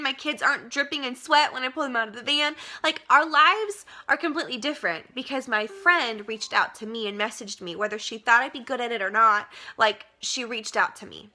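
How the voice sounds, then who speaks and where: Young woman, direct-sales vlog, tearful, earnest, fillers, bright tone. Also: on the high side, a little fast, few pauses. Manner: earnest, gushing, many fillers. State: tearful, emotional. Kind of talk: personal testimonial vlog. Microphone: webcam.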